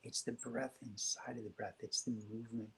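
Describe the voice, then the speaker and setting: A man speaking as a guest in a reflective spiritual conversation, soft, gentle and unhurried. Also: medium pitch, steady tone, vocal fry, slight background noise, poor audio. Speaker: podcast guest.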